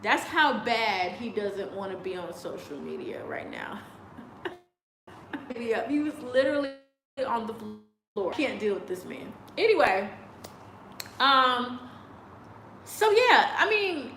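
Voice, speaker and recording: A woman's voice: on the high side, sing-song, slow, long pauses, echoey room, background noise. A woman talking casually and sassily on a live video, laughing often. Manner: chatty and sassy, laughs often. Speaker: vlogger. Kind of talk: casual commentary. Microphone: video call on a choppy connection.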